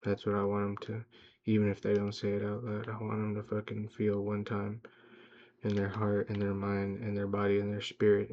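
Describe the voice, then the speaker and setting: Gravelly low-voiced man, profane pep talk. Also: completely flat delivery, normal speed, darkish tone. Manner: rambling, profane, self-hyping. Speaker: vlogger. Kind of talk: casual motivational monologue. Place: in a car. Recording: dull lo-fi sound.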